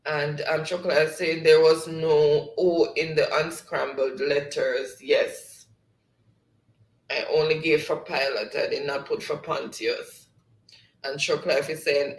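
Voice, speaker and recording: Slow, gravelly-voiced Jamaican host. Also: male voice, fairly high pitch, little pitch movement, reverberant, poor audio. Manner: reads chat messages aloud, laughs often. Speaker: live-stream host reading chat. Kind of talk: casual live-stream quiz hosting.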